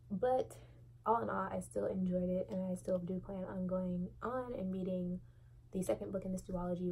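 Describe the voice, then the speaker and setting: A young woman talks through a casual book review in a low, mellow voice. She is candid and expressive, and there is a faint hiss of noise behind her. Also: rough recording. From Southern United States. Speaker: book vlogger.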